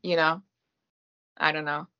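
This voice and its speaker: Woman, native French speaker, from Quebec, self-deprecating, forceful tone, lo-fi sound. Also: low voice, level tone, unhurried, clean tone. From Gaspé, Quebec, Canada. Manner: chatty, self-deprecating, many fillers. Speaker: guest actress. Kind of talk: casual interview chat. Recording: muffled lo-fi audio.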